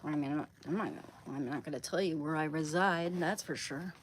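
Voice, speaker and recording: A woman's voice: deep voice, a little fast, heavy background noise. A woman from Oregon chatting casually on a livestream, rambling and greeting viewers by name. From Oregon, USA.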